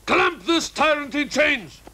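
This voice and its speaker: An actor playing a gloating rebel commandant. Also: male voice, extremely high pitch, sing-song, slow pace, exaggerated voice. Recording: old film soundtrack with loud engine noise.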